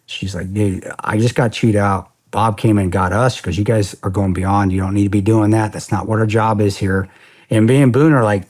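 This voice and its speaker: A man in his forties tells a story as a podcast guest. His low, husky voice stays blunt and profane, and he keeps acting out what people said. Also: normal speed. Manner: profane, blunt, animated retelling with quoted dialogue. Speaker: podcast guest, former security contractor. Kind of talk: storytelling in a casual interview.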